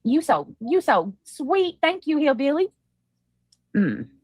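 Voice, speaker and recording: A woman's voice: sits high, sing-song, takes it slowly, a little mellow, no room sound. A woman on a livestream, casually drawling greetings to her viewers and chatting.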